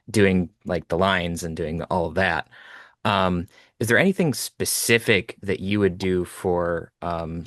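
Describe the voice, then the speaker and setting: A man's voice: low voice, no echo. A man co-hosting an interview, asking long, hesitant questions with many ums. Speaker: podcast co-host.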